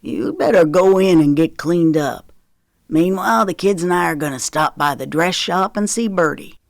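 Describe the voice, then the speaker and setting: A woman voicing an easygoing older male rancher father with a relaxed, fond drawl in an audiobook. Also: on the low side, moderate pace, creaky, dry recording, studio quality.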